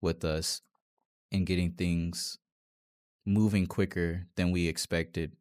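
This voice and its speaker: A man's voice: deep voice, level tone, takes it slowly, darkish tone. A man in a casual conversation who speaks earnestly and often agrees with the other speaker. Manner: affirming, often says "right", earnest.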